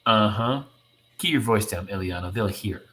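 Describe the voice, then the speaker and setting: A man voicing a calm, guarded young female telepath, read aloud in a hushed, reassuring way. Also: lowish voice, normal speed, close to an everyday voice.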